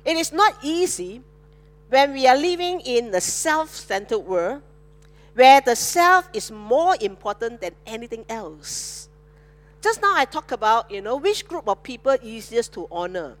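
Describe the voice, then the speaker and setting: A woman preacher delivers a sermon in a fairly high, very lively voice that swings up and down. She keeps checking in with the congregation through call-and-response. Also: measured pace. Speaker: pastor.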